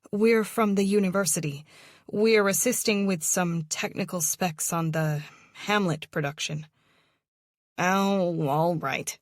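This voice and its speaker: A woman reads a suspense novel in the first person, her voice low and gravelly. The sound is dry and close, with a measured, slightly wry delivery. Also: no room sound. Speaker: audiobook narrator. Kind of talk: first-person thriller narration.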